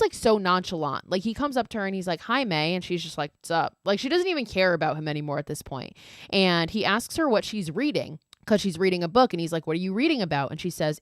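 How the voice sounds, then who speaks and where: A woman with a fairly low voice recaps a horror film in a loose, chatty way. She swears freely and laughs as she tells it. The sound is dry and close. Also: no room sound. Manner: animated, profane, laughing storyteller. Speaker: podcast host. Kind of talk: casual horror movie recap.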